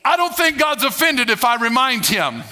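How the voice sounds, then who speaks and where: High-voiced emphatic male pastor preaching. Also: moderate pace. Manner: emphatic, animated, laughs as he preaches. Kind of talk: sermon.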